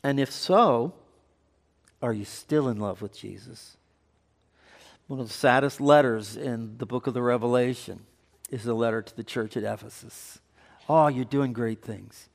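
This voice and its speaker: A man's voice: mid-range voice, unhurried, vocal fry. A man preaching a sermon as pastor, switching between earnest teaching and light banter with the congregation. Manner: conversational preaching with audience banter. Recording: long hall reverb.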